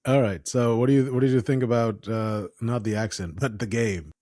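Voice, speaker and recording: A man co-hosting a football podcast, talking in a quick, joking way with some fillers. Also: medium pitch, warm tone, no echo, clean studio sound. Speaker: podcast co-host. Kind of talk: casual football chat.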